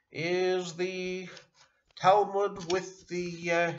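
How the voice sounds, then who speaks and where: A middle-aged man teaching a beginner language lesson online, halting often with fillers and restarting words. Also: fairly high pitch, dull audio. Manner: halting, with frequent uh and self-corrections. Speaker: Yiddish teacher.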